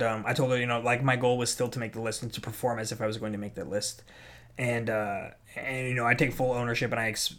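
A man in his thirties, an Army NCO and resilience instructor, telling a story in casual chat with lots of restarts and filler words. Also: medium pitch. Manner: rambling, many restarts and filler "like". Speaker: Army non-commissioned officer and resilience course instructor.

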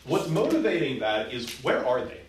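A man's voice: mid-range voice, normal speed, roomy sound, slight background noise, rough recording. A man teaching a Bible lesson to a class, asking questions and acting out the quotes. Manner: lively, quizzing students and acting out quotes.

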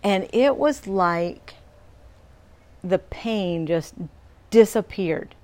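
A middle-aged woman tells a personal testimony in a relaxed, conversational voice. She speaks earnestly at a medium pitch and slips into the voices of the people in her story as she goes. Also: extremely slow.

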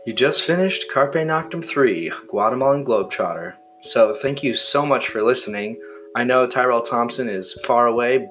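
A young man hosting a casual podcast, relaxed and easygoing, asking friendly questions and laughing easily. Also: medium pitch. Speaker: podcast host.

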